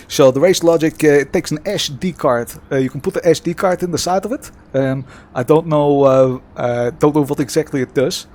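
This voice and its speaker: A man's voice: fairly high pitch, normal speed, a little mellow, lightly acted. A man putting on a Dutch accent to play a sarcastic mock presenter of a gadget, with a smug salesman tone and many hesitations. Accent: put-on Dutch. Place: home sim-racing setup.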